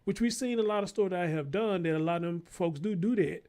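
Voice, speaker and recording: A man's voice: high voice, fairly quick, warm tone. A man hosting his own show, giving heated, profane commentary on news clips and calling out to his listeners like a preacher. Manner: profane, fired-up, preacher-like call-outs. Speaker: show host.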